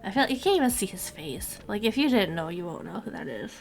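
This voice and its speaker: A young woman streamer chatting casually and rambling to her viewers, swearing now and then, with a gravelly voice. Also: medium pitch, big pitch swings, fast, soft background music.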